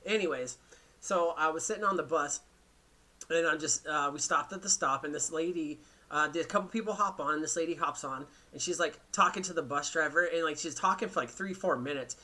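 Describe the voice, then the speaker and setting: A man's voice: a little high, fairly quick, bright, forceful tone. A man hosting a podcast, telling a rambling, profane story in casual chat. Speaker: podcast host.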